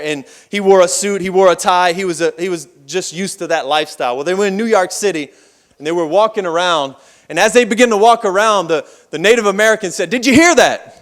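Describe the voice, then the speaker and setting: Male pastor, higher register, folksy storyteller who wanders into asides mid-sermon. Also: quick pace. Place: church service.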